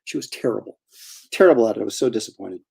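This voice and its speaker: A man's voice: on the low side, animated, rapid-fire, creaky, a little mellow, husky. A middle-aged man, a comic artist, chatting casually while drawing, rambling and self-deprecating with frequent chuckles.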